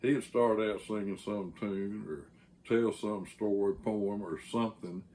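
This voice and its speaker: Slow-drawling Texan man telling a story. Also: lowish voice, warm tone, slight background noise. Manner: rambling, frequent "uh" pauses. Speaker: channel host and storyteller. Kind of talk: casual storytelling.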